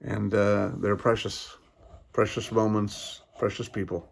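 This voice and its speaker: A man with a lowish voice talks into his camera in a casual video message. He sounds tired and yawny, rambling along with frequent fillers, restarts and pauses, sincere and grateful in tone. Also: level tone, vocal fry. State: tired, yawning. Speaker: vlogger.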